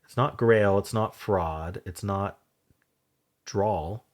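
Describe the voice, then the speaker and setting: A man hosting a word-puzzle video, thinking aloud as he solves it, spelling out letters and trailing off softly, with keyboard typing behind him. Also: fairly low pitch, slow. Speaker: Wordle video host.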